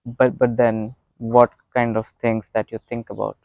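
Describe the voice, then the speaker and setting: A man's voice: mid-range voice, flat delivery, a little slow, gravelly, no room sound. A man interviewing a guest, asking questions in a casual way. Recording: tinny phone-like sound.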